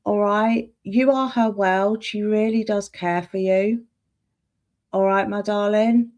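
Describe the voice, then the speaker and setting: A woman gives tarot readings on a live stream. She talks gently and warmly to viewers, calling them sweetheart and darling, and laughs easily between cards. Her voice sits at a middle pitch. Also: steady tone, slow, dull audio. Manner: chats and laughs while reading. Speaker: tarot reader and clairvoyant.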